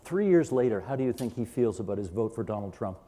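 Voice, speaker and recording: A male moderator fires quick follow-up questions at a panelist. His voice is mellow and dark, with his pitch rising and falling lively, and a faint hiss sits under the recording. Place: event hall before a live audience.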